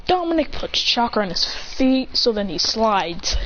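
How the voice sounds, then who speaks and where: A woman telling an improvised fan story with excitement, acting out voices and sound effects. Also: on the high side, measured pace. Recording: dull lo-fi with faint noise.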